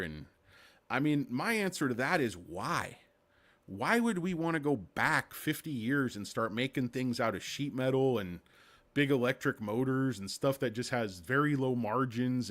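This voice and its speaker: Rambling man hosting a stock livestream. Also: mid-range voice. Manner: rambling, sarcastic, crude jokes. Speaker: stock market livestream host. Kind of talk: casual livestream commentary.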